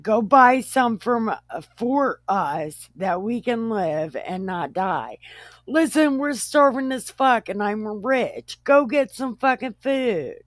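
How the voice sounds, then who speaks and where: A woman's voice: on the high side, lively intonation, takes it slowly, no echo, pitched above the performer's own voice. A woman voicing a blunt, crude old father who speaks in profane modern slang, in a comic Bible retelling. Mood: impatient.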